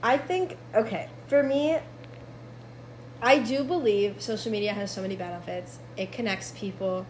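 A woman's voice: mid-range voice, moderate pace, a little hiss or hum, low-quality recording. A young woman guest on a podcast, earnestly explaining her views in casual chat with fillers.

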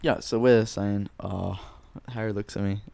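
A man co-hosting a podcast, telling a story in a casual, animated way, swearing a lot and acting out quotes. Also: lowish voice, measured pace, gravelly. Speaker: podcast co-host.

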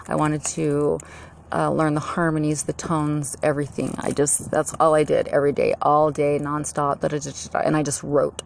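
A middle-aged American woman talks in a low, gravelly voice, wandering from thought to thought with plenty of ums and restarts. A faint hum of vehicle and outdoor noise sits behind her. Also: darkish tone. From United States. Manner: rambling, meandering, with many fillers and restarts. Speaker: vlogger. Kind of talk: rambling personal monologue.

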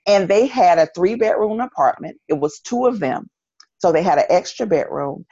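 A woman's voice: lowish voice, animated, normal speed, warm tone, breathy edge, no room sound, dull audio. A middle-aged woman with a Southern North Carolina accent, talking earnestly as a podcast guest and repeating phrases for emphasis. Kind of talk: casual interview conversation.

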